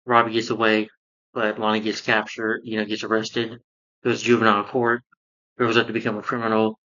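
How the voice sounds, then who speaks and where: A man's voice: on the low side, monotone, fairly quick, sharp tone. Rambling man recapping a cartoon, lo-fi. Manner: rambling recap full of "you know" fillers. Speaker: cartoon reviewer. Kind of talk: casual spoken review.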